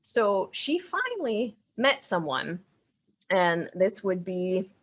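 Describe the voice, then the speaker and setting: A woman co-hosting a podcast tells stories casually in a laid-back way, her expressive voice swinging in pitch. She's animated, quick to laugh, and uses salty language.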